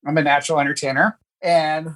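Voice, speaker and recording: A woman with a notably low voice, chatting as a podcast guest. She is eager and talkative, stacking up one idea after another. The tone is relaxed and conversational. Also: a little fast, poor audio. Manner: enthusiastic, talkative. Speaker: podcast guest, former political candidate. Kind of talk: casual podcast interview.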